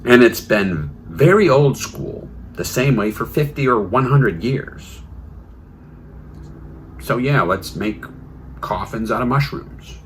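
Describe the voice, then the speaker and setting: A man's voice: mid-range voice, animated, slow, slight background noise. A man hosting a comedic news podcast, sardonic and fond of slipping into silly voices. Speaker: podcast host.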